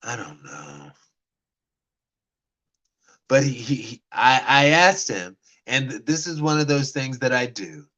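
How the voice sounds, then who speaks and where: A man talks straight to his camera in an average-pitched voice, spinning a personal story about dating. He rambles and stammers, restarts his sentences, and slips between lively bursts and quiet, mumbled asides. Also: slow, long pauses, rough recording. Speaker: vlogger. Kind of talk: casual talk to camera.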